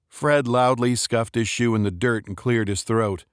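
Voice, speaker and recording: A man reading a short story aloud as an audiobook narrator, in a steady, measured way. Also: medium pitch, smooth, no echo, studio quality. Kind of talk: scripted narration.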